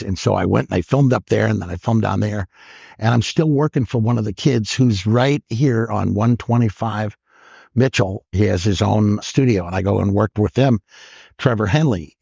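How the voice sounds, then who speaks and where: An older man, a comedian guest, telling stories in casual chat, laughing often and jumping into loud high voices when he quotes people. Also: normal speed, vocal fry, breathy edge, no echo, muffled recording.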